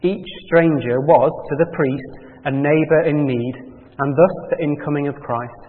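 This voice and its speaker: A man reading a parable aloud in a measured storytelling way, then asking quiet reflective questions. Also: fairly high pitch. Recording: tinny phone-like sound in a reverberant hall.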